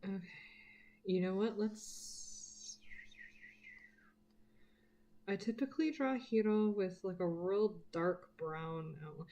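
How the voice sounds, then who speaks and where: A woman's voice: mid-range voice, takes it slowly, dark tone, a little hiss or hum. A woman chatting casually while drawing on a live stream, rambling and swearing freely, often dropping to a murmur as she works. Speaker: art streamer.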